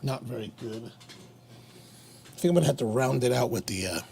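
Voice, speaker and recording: A man's voice: medium pitch, fairly quick, gravelly, heavy background noise. A man co-hosting a casual chat show over coffee and cigars, telling a rambling story with many restarts. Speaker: podcast co-host.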